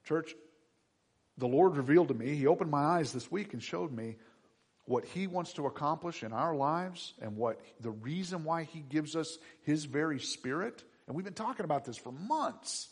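A man in his fifties, a pastor preaching a sermon through personal stories, swinging between loud bursts and hushed asides. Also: fairly high pitch, lively intonation, moderate pace, husky. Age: 50s.

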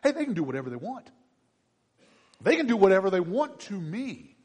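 A man preaching a sermon as a pastor, dramatic, dropping to a hush and then rising high and loud. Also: very animated, a little fast, husky. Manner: dramatic, swings from hushed to shouting. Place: church. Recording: long reverb of a large hall.

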